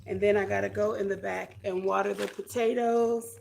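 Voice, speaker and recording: Chatty woman with a gravelly voice. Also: mid-range voice, steady tone, normal speed, darkish tone, slight background noise. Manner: chatty, self-deprecating, thinks aloud with fillers. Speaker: homesteading vlogger. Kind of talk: casual livestream chat reading comments.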